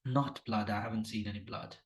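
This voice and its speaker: A man's voice: lowish voice, steady tone, a little fast, reverberant, voice pushed down, lightly acted. A man role-playing a distressed male patient in his thirties who keeps pleading to go home. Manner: pleading, repetitive, agitated.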